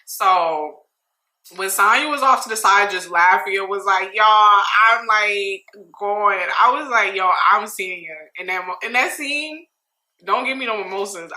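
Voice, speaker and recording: Bright-voiced chatty young woman, roomy echo. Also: medium pitch. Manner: animated, laughs often, slangy and playful. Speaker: reality TV recap vlogger. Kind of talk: casual chatty recap.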